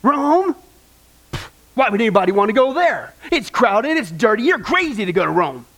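A man's voice: high voice, sing-song, moderate pace, fairly bright tone, full character voice. A man doing a scoffing, sarcastic hairdresser. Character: sarcastic, griping female hairdresser.

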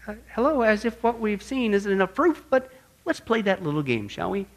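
A man teaching a sermon-style apologetics lesson as pastor, emphatic and animated, often asking his listeners questions. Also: high voice, a little fast. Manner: emphatic, animated, asks audience rhetorical questions.

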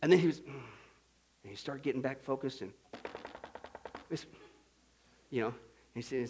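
A male pastor preaching a sermon in an animated way, acting out little voices and jokes to make his point. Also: mid-range voice, moderate pace, pauses often, a little hiss or hum.

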